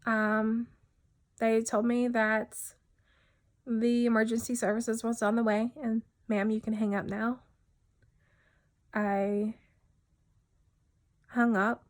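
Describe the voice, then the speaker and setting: A woman from New Jersey giving a personal testimony, speaking haltingly and often dropping quiet. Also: a little high. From New Jersey, USA. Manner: halting, many fillers and restarts, often drops soft.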